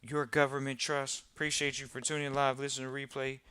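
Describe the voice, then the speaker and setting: A man hosting a live podcast in casual talk, animated and repeating phrases for emphasis. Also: medium pitch, fairly quick, clean tone, no echo. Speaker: podcast host.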